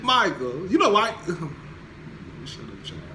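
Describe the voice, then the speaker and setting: A young man casually recapping a reality TV episode, sassy and animated, laughing often as he gossips. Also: fairly high pitch, slow, very noisy.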